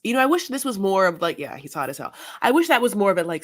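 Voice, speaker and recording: A woman's voice: medium pitch, big pitch swings, fast talker. A woman co-hosting a podcast, retelling scenes in a chatty, filler-heavy way and slipping into playful quoted voices. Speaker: podcast co-host. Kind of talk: casual recap chat.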